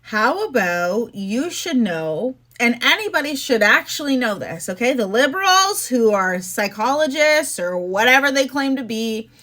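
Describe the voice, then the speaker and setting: A woman's voice: fairly high pitch, big pitch swings, measured pace, hardly any pauses, fairly bright tone. A young woman from Canada hosting a podcast, ranting casually about politics in an exasperated, sarcastic, chatty way. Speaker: podcast host.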